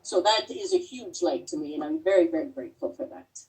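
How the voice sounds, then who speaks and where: A middle-aged woman giving a heartfelt personal talk as a guest speaker over a video call, pausing often with fillers. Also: sits low, a little mellow, far from the mic, low-quality recording. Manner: earnest and heartfelt, with many pauses and fillers.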